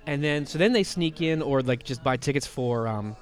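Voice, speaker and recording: A man's voice: mid-range voice, expressive, moderate pace. A man with a slight cold, co-hosting a comic book podcast and retelling a story in casual chat, rambling with lots of fillers and restarts.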